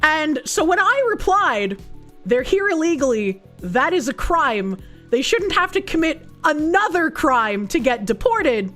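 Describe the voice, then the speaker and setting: A woman's voice: sits high, sing-song, measured pace, fairly bright tone, faint music behind. A woman with a Boston accent, streaming and ranting casually in a blunt, profane way. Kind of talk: casual livestream commentary.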